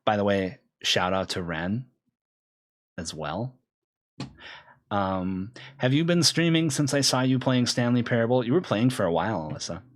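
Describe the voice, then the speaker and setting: A man streaming a game, chatting casually with viewers and breaking into loud, excited outbursts between low mumbles. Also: normal speed. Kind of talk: casual live-stream chat.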